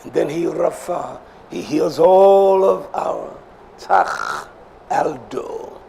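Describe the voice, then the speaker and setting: A male preacher delivering an emphatic sermon, swinging between shouts and low murmurs and repeating phrases for emphasis. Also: very animated, very slow, gravelly, a little hiss or hum.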